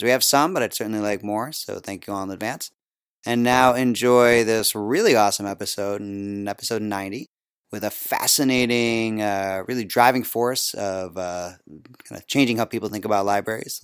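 Smooth-voiced man hosting a podcast intro. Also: lowish voice, no echo, studio quality. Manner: goofy put-on accent. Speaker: podcast host.

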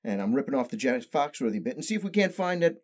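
A man's voice: medium pitch, sing-song, quick pace, darkish tone, pitched above the performer's own voice. A man voicing a folksy, crude country doctor who talks about surgery in an offhand, jokey way. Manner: jokey, offhand medical patter.

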